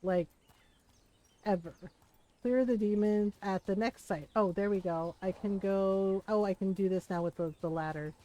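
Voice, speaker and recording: A woman's voice: medium pitch, moderate pace, mellow, low-quality recording. A woman streaming a game, chatting casually, laughing often and acting out lines she remembers. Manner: chatty and giggly, quotes game lines in little voices. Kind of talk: casual chat while gaming.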